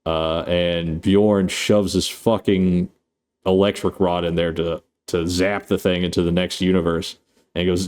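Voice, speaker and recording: A man with a very deep voice walks through a movie's plot in a loose, unscripted recap. He swears freely, leans on filler words, and laughs at his own retelling. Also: level tone, a little slow, darkish tone. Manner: rambling, profane, laughs often. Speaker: host.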